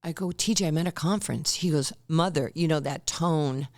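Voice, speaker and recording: A deep-voiced woman in her sixties, formerly a basketball player, speaks fairly quickly as a podcast guest. She tells stories animatedly, acting out each quote.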